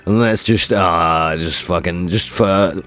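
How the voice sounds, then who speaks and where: With soft music playing behind him, a man chats casually on his live stream, joking around, swearing heavily and responding to viewers' messages. He speaks slowly in a low voice with a fairly bright tone.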